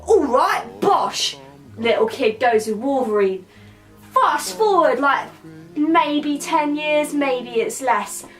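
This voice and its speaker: A woman with a high voice and an unhurried pace, retelling a film in a crude, irreverent comic recap. She rambles, with faint music playing underneath. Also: expressive. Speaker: comedic film reviewer.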